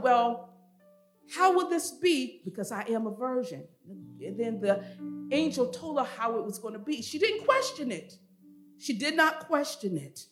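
A woman preaching a sermon in a church, leading the congregation in call and response and rising to loud emphatic calls before dropping soft again. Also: fairly high pitch. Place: church sanctuary. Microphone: earpiece monitor and handheld or headset mic.

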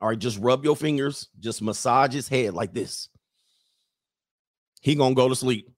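A blunt, provocative man coaching on relationships in a live-streamed monologue. He swings between loud, raised bursts and low muttered asides, with a dry, close sound and no room echo. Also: moderate pace. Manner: blunt, provocative, joking lecture.

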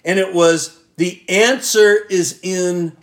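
A man preaching a sermon as pastor, reading scripture aloud and stretching key words out with long pauses for emphasis. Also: high voice, steady tone. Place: church.

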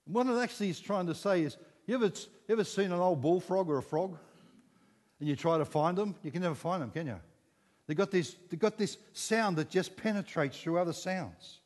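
A Scottish man in his sixties preaching a sermon, telling the story with lively acted-out voices. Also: high-pitched, brisk, in a large hall. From Scotland. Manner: animated storytelling, acting out voices.

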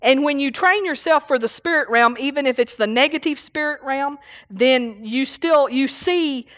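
A woman's voice: sits high, normal speed, fairly bright tone. A woman preaching a rambling, folksy sermon at a church service, often laughing and saying hallelujah.

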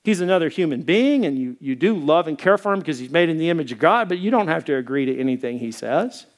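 A man from Arkansas preaching a conversational, animated sermon as the church's pastor. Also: on the high side, quick pace.

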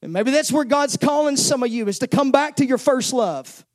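A man's voice: extremely high pitch, animated, normal speed. A man preaching a sermon as pastor, openly emotional, often stumbling over and repeating words as he presses his point.

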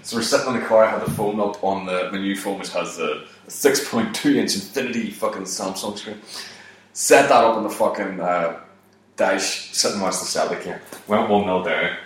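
Comedian, man, 30s, low-ish voice, crude and swearing, echoey room, mic a bit far off. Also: moderate pace. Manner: swears constantly, animated, voice jumps up for quoted shouts. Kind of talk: profane comic storytelling.

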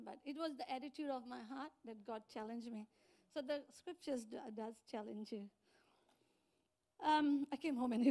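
A middle-aged woman pastor preaching a sermon, telling stories with lively acted-out quotes. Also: on the high side, gravelly. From outside New Zealand. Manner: animated storytelling with acted-out quotes.

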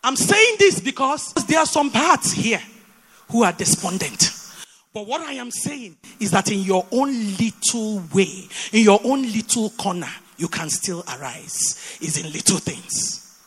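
Nigerian woman preacher, bright animated delivery, hall echo, rhetorical questions. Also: mid-range voice, measured pace, breathy edge. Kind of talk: sermon.

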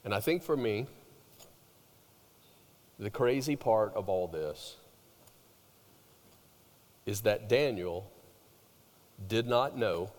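A man preaching a sermon, telling the story with animated swings between loud emphasis and hushed, drawn-out words. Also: fairly low pitch, long reverb tail. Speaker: pastor.

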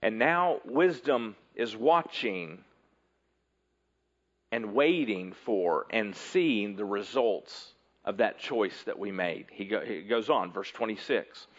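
A man preaching a sermon in an earnest way, often dropping low and quiet at the ends of phrases. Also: animated, slow, lo-fi sound. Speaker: pastor.

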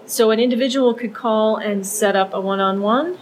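A woman's voice: a little high, normal speed, rough recording. A woman hosting an interview, asking questions in a friendly, conversational way. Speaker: interview host.

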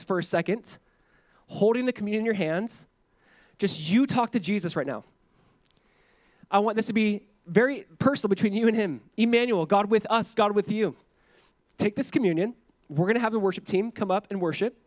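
A male pastor preaching a sermon to a congregation, lively and conversational, acting out quoted voices and dropping to quiet pleading. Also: high-pitched, no room sound. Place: church sanctuary.

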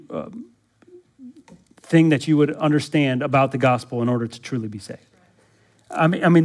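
A male pastor preaching in a church, with a voice sitting a little high for a man. He moves from measured teaching to rising, urgent exhortation. He keeps asking the congregation rhetorical questions. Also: a little mellow. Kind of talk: sermon.

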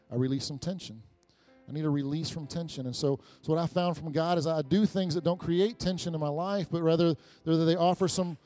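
Lively, fairly high-voiced male pastor. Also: no room sound. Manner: lively, storytelling, frequent restarts and repeats. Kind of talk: conversational sermon.

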